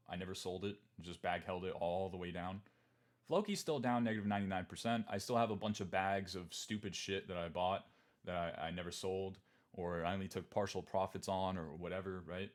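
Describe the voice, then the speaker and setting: A young man in his twenties giving a candid, emphatic livestream talk about markets and holding through downturns. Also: sits low. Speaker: trading streamer.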